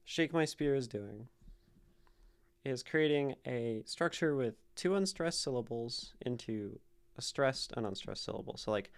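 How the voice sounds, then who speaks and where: A man's voice: mid-range voice, animated, a little slow. A man hosting a live stream, casually analyzing poetry and thinking aloud as he taps out rhythms in syllables. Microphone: streaming mic.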